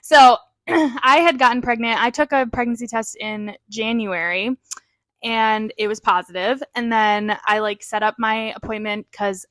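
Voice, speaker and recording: A woman's voice: a little high, steady tone, a little slow, a bit bright, dry recording, low-quality recording. Candid laughing woman, dry close sound. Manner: candid, laughs often, swears. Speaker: podcast co-host. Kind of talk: casual chat.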